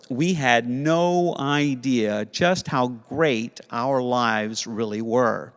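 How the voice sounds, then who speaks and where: Guy doing a sunday school lesson for kids, slow and playful, bit of hall reverb. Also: medium pitch. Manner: playful, animated storytelling with put-on character voices.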